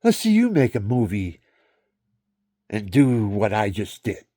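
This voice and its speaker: A man's voice: on the low side, measured pace, no echo, clean studio sound. A man in his seventies talking to his viewers in a rambling personal monologue, laughing often and breaking into silly sound effects. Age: 70s. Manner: animated, laughing, barking asides. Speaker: vlogger.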